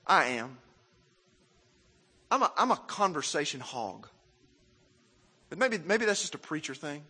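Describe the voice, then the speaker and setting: A man from Arkansas, preaching a sermon in an animated, self-mocking way and asking the crowd questions. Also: on the high side, unhurried, long pauses, husky, long reverb tail. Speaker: pastor.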